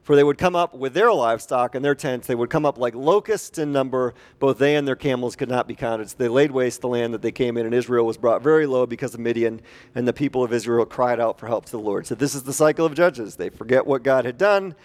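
A man preaching a conversational sermon as a pastor, animated and chatty, putting questions to the congregation. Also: medium pitch, fast talker.

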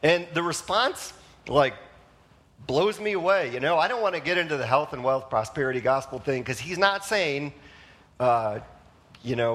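A man's voice: medium pitch, expressive, normal speed, a bit bright. A male pastor preaching a sermon in a conversational manner, asking the congregation questions and often using fillers like "like" and "you know.".

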